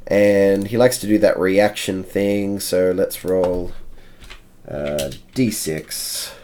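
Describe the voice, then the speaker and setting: A male game master narrates a tabletop battle in a measured way, counting out each move. His voice is deep and his pace unhurried. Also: fairly even intonation, a little mellow, slight background noise. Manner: measured, counting out moves step by step.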